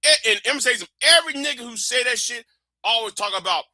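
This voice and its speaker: Heated ranting man, very high bright voice. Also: animated, fast, no room sound, clean studio sound. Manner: heated, profane, rising to shouts. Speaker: live stream host. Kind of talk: ranting live stream monologue. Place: warm indoor room with a fan.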